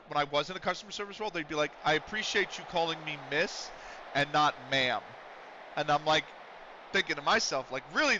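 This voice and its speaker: A man's voice: fairly high pitch, bright, forceful tone, lo-fi sound, slight background noise. A man chatting casually and at length while streaming a game, rambling with a loose, swearing manner. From United States.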